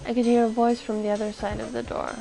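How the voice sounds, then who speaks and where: A woman's voice: fairly high pitch, little pitch movement, fast, gravelly, over music, low-quality recording. A woman streaming a video game, reading the text aloud and then musing casually, with some swearing.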